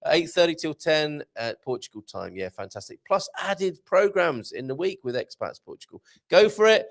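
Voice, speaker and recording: Lively, jokey male show host. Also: a little high. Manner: jokey, chatty, laughs often. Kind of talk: live show chat reading viewer comments.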